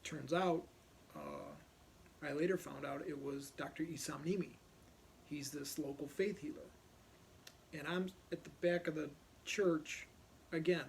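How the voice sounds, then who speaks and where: A man's voice: a little high, lively intonation, a little slow, long pauses, slight background noise. A man telling a personal story bluntly and profanely.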